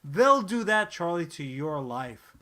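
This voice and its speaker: Brash, bright-voiced man in podcast chat. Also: fairly high pitch, slow pace. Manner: animated, profane, rambling with frequent restarts. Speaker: podcast co-host. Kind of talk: casual pop-culture podcast chat.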